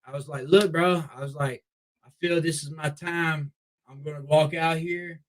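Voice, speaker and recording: A young man, a wrestler, telling a long story in a casual, profane, animated way with many restarts. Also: a little high, normal speed, a little hiss or hum, poor audio. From Memphis Mid-South area. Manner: profane, animated, repeats "I was like". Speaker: wrestler guest.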